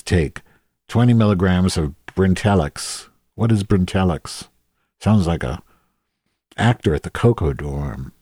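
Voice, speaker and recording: A low, dark-voiced man reads out a listener's letter and keeps breaking off to mock it. His delivery is deadpan and sarcastic, and the recording is close and dry. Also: dry recording. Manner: mocking, deadpan asides. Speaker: host reading listener letters. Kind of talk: sarcastic commentary.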